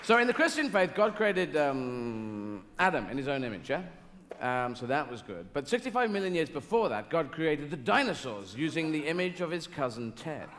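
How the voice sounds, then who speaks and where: A male stand-up comic rambles and corrects himself on a theatre stage, his voice slightly high and gravelly. The sound carries a long hall echo and a steady layer of noise. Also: normal speed. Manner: rambling, digressive, self-correcting. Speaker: stand-up comedian. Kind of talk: live stand-up routine.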